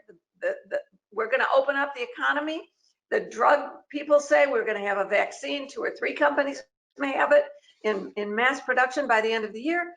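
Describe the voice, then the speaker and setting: Woman, webinar moderator, video call, chatty, emphatic, gravelly fry. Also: high voice, expressive, a bit bright, low-quality recording. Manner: brisk, chatty, emphatic questioning.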